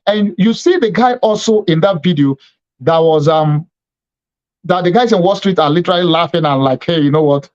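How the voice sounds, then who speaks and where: A bishop hosting a TV program, giving emphatic political commentary and repeating points to drive them home. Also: male voice, on the high side, moderate pace, darkish tone, highs cut off.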